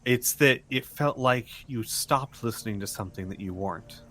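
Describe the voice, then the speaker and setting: A man's voice: mid-range voice, moderate pace, pushed and bright. A young man running a tabletop game as game master, easygoing and strict about the rules. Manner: easygoing, rules-minded, chatty.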